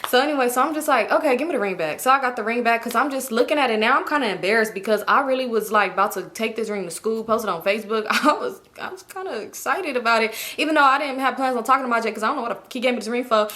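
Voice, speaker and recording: Young woman vlogger, casual storyteller, bit high-pitched, lively and laughing. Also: racing, few pauses. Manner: animated, slangy, laughing storyteller.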